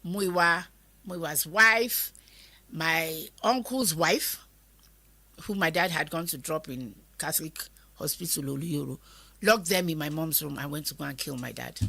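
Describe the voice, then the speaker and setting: Low gravelly Nigerian woman telling a story. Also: measured pace, sharp tone. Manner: vivid retelling that acts out others' words. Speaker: interview guest. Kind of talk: personal storytelling in an interview.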